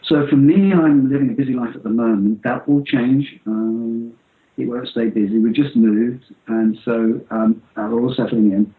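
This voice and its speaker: A middle-aged man talking about meditation in an interview, halting with many fillers and restarts. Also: mid-range voice. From England. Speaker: interview guest. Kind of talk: spiritual interview talk. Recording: roomy, muffled lo-fi audio.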